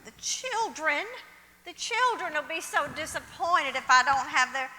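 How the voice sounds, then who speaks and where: A woman playing a proud, sharp-tongued elderly lady on stage. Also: high voice, a little slow. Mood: confused, distraught. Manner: tart, prim scolding turning to distraught confusion. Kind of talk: live stage play. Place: theater stage. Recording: stage play in a reverberant auditorium.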